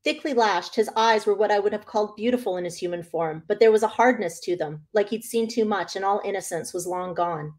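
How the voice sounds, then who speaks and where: Woman author reading her own book out loud, first person, lots of expression. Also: medium pitch, a little fast, hardly any pauses.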